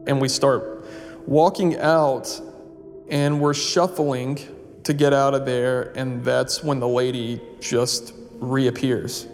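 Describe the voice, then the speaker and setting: A man's voice: mid-range voice, level tone, takes it slowly. A man telling a personal story in a casual, rambling way, full of fillers and restarts. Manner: rambling, full of "like" and "you know". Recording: long reverb, faint music.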